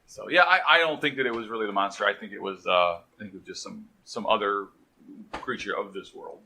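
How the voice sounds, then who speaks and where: Male podcast co-host, bright tone, digressive jokey storyteller. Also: lowish voice, fairly quick, creaky, husky. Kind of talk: casual chat.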